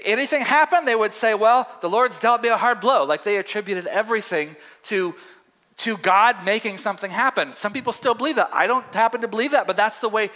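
Animated, high-voiced preacher in a hall. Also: male voice. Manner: animated, conversational, emphatic. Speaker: Bible teacher. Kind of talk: sermon. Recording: echoey hall.

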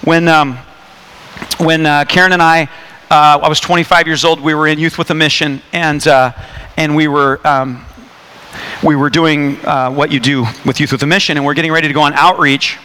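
With a fairly high, clean voice at a moderate pace, a man preaches a sermon, telling a personal story casually and animatedly, full of fillers and restarts. A long hall reverb trails behind him.

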